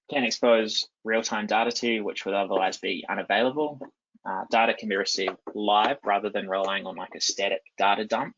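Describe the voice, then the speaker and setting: A man giving a live software demo at a conference, talking loosely with many ums and restarts. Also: lowish voice. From New Zealand. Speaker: conference presenter. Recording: dull lo-fi sound.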